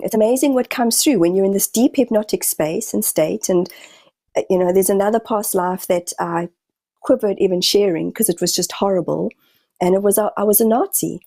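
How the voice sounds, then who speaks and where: A woman speaks with a warm, mellow tone on a dry, close recording. She talks as a podcast guest and healer. Her sentences often stall and start over while she gropes for the right words. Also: medium pitch, dry recording. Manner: halting, searching, frequent restarts. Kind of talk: podcast conversation.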